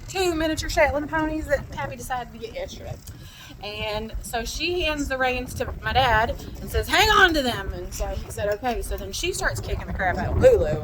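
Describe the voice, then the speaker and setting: A woman telling a ranch story in a casual vlog, animated and laughing, shouting out the quoted lines. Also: high-pitched, poor audio. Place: outdoors on a ranch.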